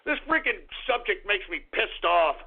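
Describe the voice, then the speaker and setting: A man's voice: high voice, very animated, normal speed, vocal fry, breathy edge. A man hosting talk radio, delivering an angry, crude, insulting rant. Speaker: radio host. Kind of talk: ranting talk radio monologue. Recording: tinny phone-like radio sound.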